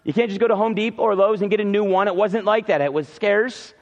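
A man's voice: sits high, fast talker, darkish tone. A man preaching a sermon in a casual, conversational way, acting out the lines of biblical characters. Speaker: pastor. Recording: reverberant, dull hall sound.

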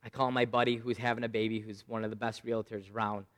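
A man's voice: lowish voice, fast talker. Man preaching in a reverberant church. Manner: lively storyteller, jumps between loud bursts and quiet asides. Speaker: pastor. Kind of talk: sermon with personal storytelling.

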